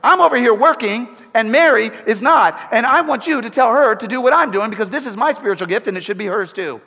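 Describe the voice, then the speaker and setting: A man's voice: extremely high pitch, lively intonation, fast talker, pushed and bright, in a large hall, voice pushed up, heavily acted. A man in a sermon voicing an exasperated, overworked woman who complains and barks orders. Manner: indignant, complaining, ordering others around.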